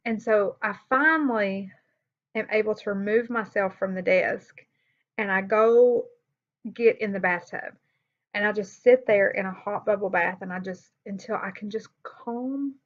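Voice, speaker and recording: A woman's voice: medium pitch, fairly even intonation, measured pace. A woman telling a personal story in a candid, conversational vlog, with sighs, fillers and restarts. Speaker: vlogger. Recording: slightly dull lo-fi sound.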